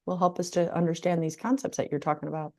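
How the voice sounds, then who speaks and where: A woman's voice: on the low side, steady tone, fast, darkish tone. Enthusiastic woman hosting a casual chat. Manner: enthusiastic, chatty, affirming. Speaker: podcast host.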